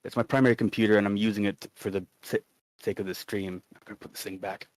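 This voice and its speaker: A man with a lowish voice co-hosts a casual livestream, rambling as he reads chat messages aloud. His sound is close and dry, with no room around it. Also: steady tone, fast, no echo. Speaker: stream co-host.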